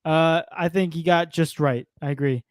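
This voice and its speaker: A young man co-hosting a sports show, talking through contracts and stats in a relaxed way. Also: fairly high pitch, moderate pace, no room sound, studio quality. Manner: relaxed, lists stats and numbers. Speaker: podcast co-host. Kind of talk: casual sports talk.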